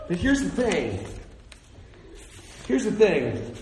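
A man preaching a sermon, animated and playful, speaking directly to his listeners. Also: high voice, normal speed. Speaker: pastor. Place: church hall. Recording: echoey hall with faint room noise.

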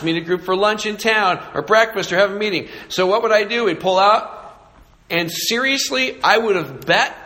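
Man pastor, high bright voice, echoey church. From California. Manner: flippant, sarcastic, self-mocking. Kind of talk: storytelling sermon. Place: church sanctuary. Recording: echoey hall reverb.

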